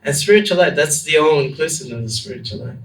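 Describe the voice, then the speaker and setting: A man's voice: a little high, fast, far from the mic. Man telling a story from off-mic in an echoey room. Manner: animated, laughing, filler-heavy storytelling. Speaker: monk. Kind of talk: storytelling talk.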